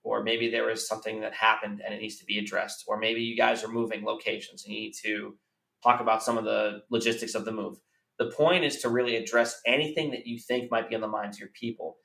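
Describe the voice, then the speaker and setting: A man's voice: on the low side, little pitch movement, fast talker, creaky, sharp tone. A man giving earnest business advice in a podcast interview, repeating key phrases for emphasis. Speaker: business coach guest. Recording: roomy, slightly distant mic.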